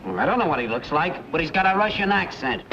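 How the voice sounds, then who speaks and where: A blunt gangster asking around with quiet menace. His voice sits mid-range. Steady hiss runs under a dull 1940s soundtrack. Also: a little high, fast, exaggerated voice. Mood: menacing. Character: blunt gangster hunting a man.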